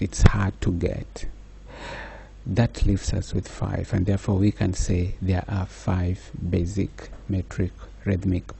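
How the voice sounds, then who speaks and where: A man giving a slow, measured lecture, pausing often with fillers. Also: low voice, gravelly, dark tone, slight background noise. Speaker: teacher. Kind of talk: recorded lecture.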